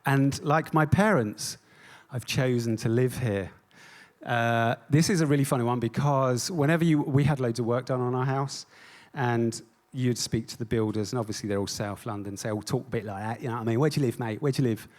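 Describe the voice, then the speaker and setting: A man's voice: medium pitch, fairly even intonation, moderate pace. A man giving a stage talk as an artist. He is self-deprecating and jokey, with many ums. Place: on stage before an audience.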